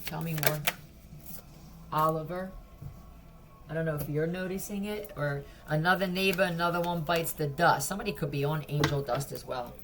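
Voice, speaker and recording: Low voiced woman doing a tarot reading, blunt, swears a lot, pokes fun. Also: normal speed, noisy background. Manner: blunt, profane and mocking. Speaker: tarot reader. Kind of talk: casual tarot reading vlog.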